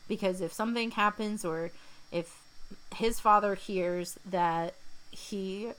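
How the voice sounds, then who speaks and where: A woman's voice: mid-range voice, steady tone, slow, fairly bright tone, low-quality recording. A young woman co-hosting a podcast, chatting casually as she recaps a film scene by scene. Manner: chatty, retells scenes in quoted voices. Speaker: podcast co-host. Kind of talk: casual movie recap chat.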